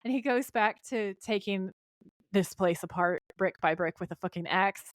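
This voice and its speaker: A woman's voice: medium pitch, fairly quick, dry recording, studio quality. A woman with a British accent co-hosting a casual podcast, animatedly retelling a TV episode and acting out the characters' lines. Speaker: podcast co-host. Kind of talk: casual chat recapping a TV episode.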